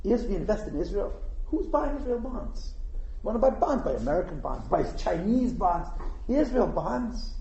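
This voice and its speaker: A man teaching at an informal Hasidic gathering, an animated storyteller who fires rhetorical questions and chuckles at his own asides. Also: high voice, moderate pace, creaky, muffled recording, a little hiss or hum. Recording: echoey room.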